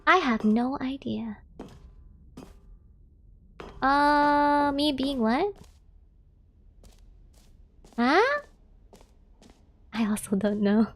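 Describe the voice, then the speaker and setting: A woman's voice: high-pitched, lively intonation, drawn-out words, pauses often. A young American woman streaming a game, chatting casually with a giggly, talkative manner. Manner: giggly, chatty, laughs often. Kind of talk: casual live-stream chat.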